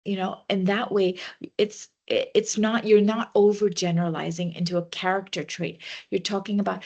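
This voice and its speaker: A woman's voice: mid-range voice, flat delivery, normal speed, gravelly, darkish tone. A woman wellness trainer giving a workshop talk, leading a breathing exercise and giving practical advice with frequent "you know" fillers.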